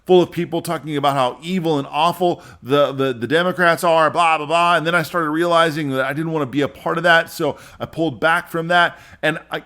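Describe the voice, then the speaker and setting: A man's voice: a little high, fairly even intonation, fairly quick, hardly any pauses, pushed and bright. A man in his forties hosting a solo podcast, talking earnestly into a microphone, rambling and repeating himself. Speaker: podcast host. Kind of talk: casual solo podcast monologue.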